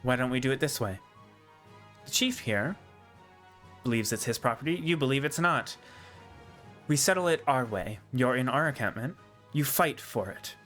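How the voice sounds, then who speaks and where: A blunt, grumpy orc woman who runs her camp with curt orders, as a man puts her on. The voice has a bright, forceful edge at an ordinary pitch. Faint music plays behind it. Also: lively intonation, normal speed, pauses often, natural voice. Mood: challenging.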